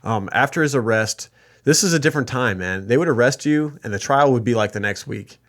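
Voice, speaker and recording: A man's voice: mid-range voice, animated, a little fast, a bit bright. Man casually retelling a true crime case. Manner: retells case notes with jokey asides. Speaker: podcast co-host.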